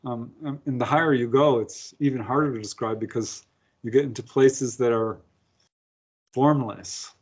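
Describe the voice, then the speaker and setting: Male guest, animated storyteller who acts out his own lines, mid pitch, muffled call audio. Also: moderate pace, breathy edge. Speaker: guest, author and experiencer. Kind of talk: casual storytelling interview.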